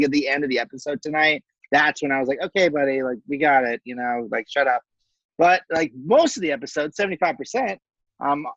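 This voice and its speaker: Man, casual recap chat, lots of fillers, slightly high voice, dry close sound. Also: no echo, highs cut off. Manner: laid-back, slangy, frequent fillers. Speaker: podcast co-host.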